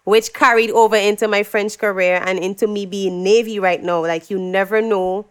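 A young woman tells stories from her life in a relaxed interview. Her voice is smooth and clear, and she gets animated as she acts out what other people said. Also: medium pitch, normal speed. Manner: animated storyteller, acts out quotes, laughs often. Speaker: guest, singer. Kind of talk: casual interview chat.

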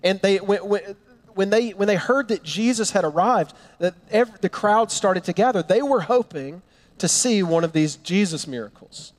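A man preaching a sermon, telling a Bible story with animated storytelling and acting out the characters' lines. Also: sits high, moderate pace, big-room sound. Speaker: pastor.

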